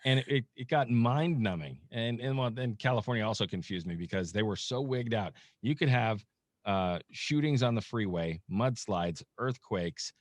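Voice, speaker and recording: A man's voice: on the low side, dry recording, studio quality. A man from Pennsylvania in a casual chat, telling stories with a wry, mock-exasperated edge. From Wilkes-Barre, Pennsylvania. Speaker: podcast co-host.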